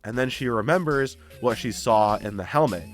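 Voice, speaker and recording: A man with a middle-pitched voice recaps a story in a casual, animated way. He jumps into quick character voices as he goes. A faint bed of music plays under him. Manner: animated, acts out characters' lines. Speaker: YouTuber.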